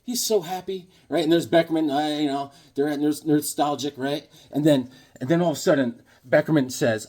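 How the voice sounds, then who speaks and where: A man hosting a comic book channel, telling goofy stories in a rambling, animated way full of restarts. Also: a little high, a little fast. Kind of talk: casual storytelling vlog.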